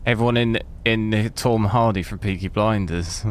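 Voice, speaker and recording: A man's voice: lowish voice, normal speed. A man streaming a game, chatting casually and rambling through his commentary, with noisy stream audio. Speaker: gaming streamer.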